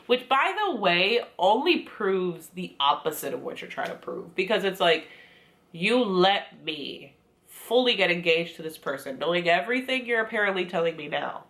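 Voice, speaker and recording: A woman's voice: fairly low pitch, sing-song, normal speed, fairly bright tone. A woman giving a casual, sassy recap of a reality show, chatty and full of quoted asides. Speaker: recap vlogger.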